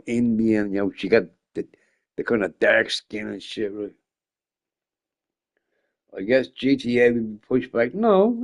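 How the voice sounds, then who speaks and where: Heard in lo-fi sound, a young man's fairly low, slightly mellow voice rambles through casual chat on a gaming stream. He swears freely and often bursts out laughing as the live-stream conversation goes on.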